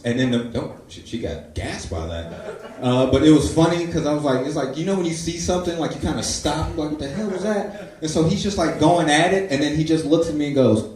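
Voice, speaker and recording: A man in his twenties doing a stand-up comedy set, telling stories with loud acted-out quotes. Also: on the high side, expressive, brisk, far from the mic, a little hiss or hum. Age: 20s. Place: comedy club stage. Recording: echoey live room, audience laughter. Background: audience laughing.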